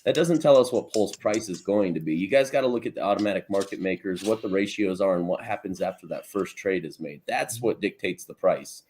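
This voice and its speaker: A man hosting a live stream in an upbeat, chatty way, often speaking straight to the viewers. His voice sits a little low. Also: expressive, a little fast, hardly any pauses, darkish tone, slight background noise. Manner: upbeat, addresses viewers as guys. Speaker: crypto stream host. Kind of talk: casual chat.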